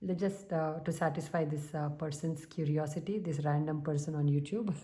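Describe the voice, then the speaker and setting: Woman, tarot reader, low mellow voice, calm, unhurried, soft humming pauses. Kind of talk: spiritual tarot reading to viewers.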